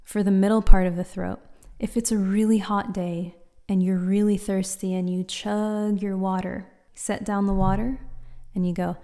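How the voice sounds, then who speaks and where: A woman teaching pronunciation in a patient, clear instructional style, demonstrating sounds aloud. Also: medium pitch, warm tone. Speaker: Quran recitation teacher. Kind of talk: instructional explainer.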